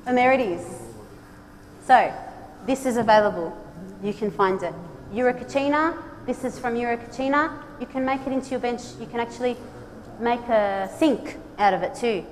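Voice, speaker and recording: A woman giving a lively, direct conference presentation to a trade audience, urging them on with playful asides. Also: fairly high pitch, normal speed. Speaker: design speaker at a trade congress. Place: large conference hall. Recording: long hall reverb, faint background noise.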